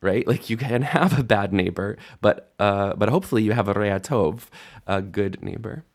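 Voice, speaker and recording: A man teaching a recorded Hebrew lesson, patiently explaining grammar and sounding out syllables slowly, with relaxed joking asides, speaking into a desk microphone. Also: on the low side, creaky.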